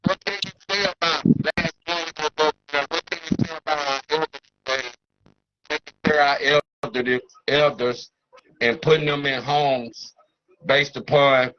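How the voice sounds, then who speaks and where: A man's voice: a little high, fairly even intonation, normal speed, bright, forceful tone, no room sound, highs cut off. A man with a Southern accent, a guest in a casual chat, rambling earnestly and leaning on the same phrases. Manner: rambling, earnest, keeps saying "based upon".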